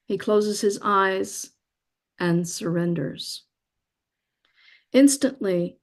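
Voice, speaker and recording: A woman guest reading a spiritual account aloud in a slow, soft, reverent way, moved nearly to tears. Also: medium pitch. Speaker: guest speaker.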